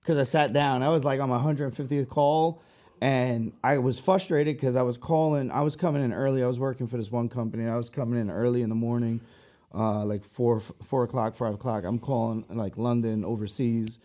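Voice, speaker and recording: A man's voice: medium pitch, steady tone, a little fast, mellow. A man from the United States, a guest in an interview, telling stories with heavy swearing and acting out others' lines. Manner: profane, acts out others' lines. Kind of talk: animated storytelling.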